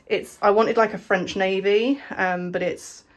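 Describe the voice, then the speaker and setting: A woman's voice: mid-range voice, fairly even intonation, a little slow. A young woman vlogging at home, chatting casually in a rambling, self-deprecating way. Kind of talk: casual vlog chat. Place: home, indoors.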